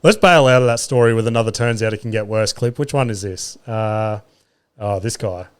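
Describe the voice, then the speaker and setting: A man's voice: on the low side, brisk, smooth. A man, hosting a casual solo podcast and telling exasperated, profane stories with wry laughs into a close mic. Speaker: podcast host.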